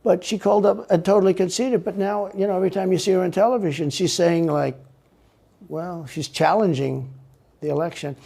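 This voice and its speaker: Gravelly, husky man rambling emphatically. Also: high-pitched, a little fast, mellow. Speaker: interview guest. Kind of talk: political interview answers.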